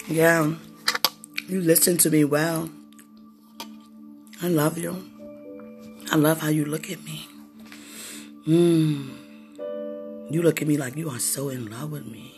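Effusive woman murmuring to her husband. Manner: effusive, sighing "oh God" often, laughing, swinging from high excitement to low murmurs. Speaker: wife talking to her husband. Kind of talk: intimate casual talk to a partner.

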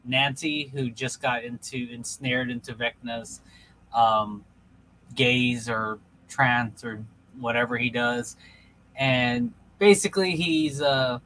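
A man's voice: medium pitch, steady tone, takes it slowly, a bit bright, low-quality recording. A young man co-hosting a casual chat, rambling with many fillers and restarts. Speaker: podcast co-host.

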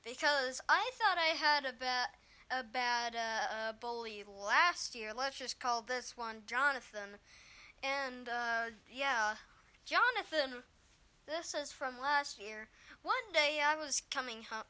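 A young woman telling a storytime vlog about bullies at school, rambling and exasperated with lots of fillers, slightly hoarse after being sick. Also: high voice, slow pace, pushed and bright. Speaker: vlogger.

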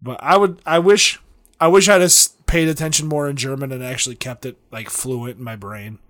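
A man's voice: mid-range voice, fairly even intonation, a little fast, fairly bright tone, no room sound, clean studio sound. A man chatting casually, joking and rambling with lots of fillers and restarts as he talks about his work with glass. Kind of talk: casual chat.

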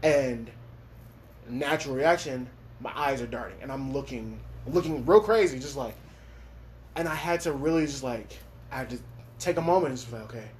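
A man's voice: medium pitch, moderate pace, a little hiss or hum. A young man from Los Angeles telling a story in casual podcast chat, laughing often and swearing freely. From Los Angeles, USA.

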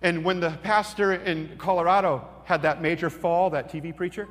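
A male preacher telling a story in a sermon, acting out the dialogue with lively energy. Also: high-pitched, moderate pace. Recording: long hall reverb.

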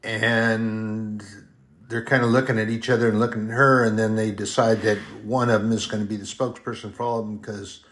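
A man's voice: fairly low pitch, fairly bright tone. A man preaching in a folksy, rambling storytelling style, now and then acting out short quoted voices. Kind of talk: storytelling sermon.

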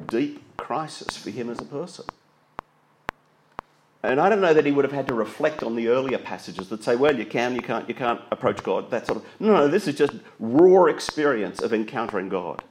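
A man's voice: medium pitch, darkish tone, slight background noise, low-quality recording. A man preaching a sermon, reading scripture aloud and explaining it.

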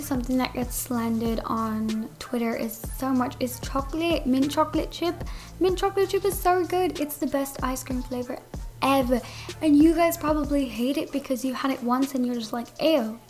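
Bubbly high-voiced woman vlogger. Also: normal speed, faint music behind. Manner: bubbly, gushing, says "like" a lot. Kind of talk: casual chat to viewers. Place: at home with family over.

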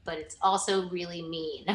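A woman's voice: lowish voice, fairly even intonation, measured pace, reverberant, a little hiss or hum. A young woman in a casual interview, talking earnestly about past mentors and often restarting her sentences. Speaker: interviewee, former student.

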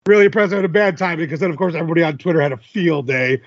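A man's voice: fairly high pitch, racing, dull audio, a little hiss or hum. A man co-hosting a podcast, recapping fight results in casual chat and laughing often. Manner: chatty, laughs often, filler-heavy. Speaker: podcast co-host.

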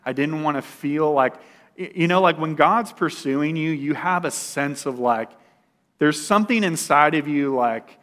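Here a man with a higher, somewhat bright voice takes his time telling a personal testimony. The delivery is casual, with filler words, restarts, and an occasional laugh at his own expense.

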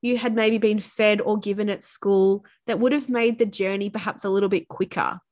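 A woman hosts a conversational interview and asks her questions thoughtfully. She probes gently and softens her phrasing with small hedges. Her voice sits at a middle pitch. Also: fairly even intonation, normal speed.

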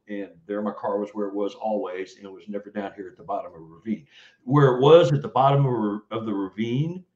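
Animated storytelling man in a roomy room. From Texas. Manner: animated, acts out quoted lines with big pitch jumps, repeats words. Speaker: interview guest, field investigator. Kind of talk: storytelling in a casual interview. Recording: roomy, slightly dull audio.

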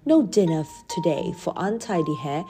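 A woman's voice: on the low side, big pitch swings, moderate pace, warm tone, faint music behind. A woman doing a roaring bully schoolmaster. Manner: roaring, barking orders. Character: harsh bullying male schoolmaster.

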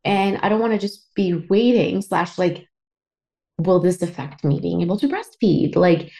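A woman's voice: on the low side, expressive, normal speed, gravelly, dark tone. A woman in her thirties from Canada, telling a candid personal story as a podcast host, emotional and tearful at times, swearing and full of fillers. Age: 30s.

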